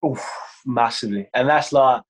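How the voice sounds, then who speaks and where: In a relaxed interview, a young adult man from Iceland, a goalkeeper, talks at a normal pace in a medium-pitched voice. His English carries a London tinge, and he laughs and performs quotes as he chats.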